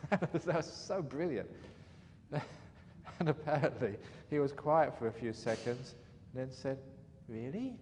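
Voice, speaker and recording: A man's voice: mid-range voice, slow, long pauses. Monk guy telling a story, chatty, lots of "you know", long echo, faint hiss behind. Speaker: monk giving a teaching. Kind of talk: storytelling dharma talk. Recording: reverberant hall, faint background noise.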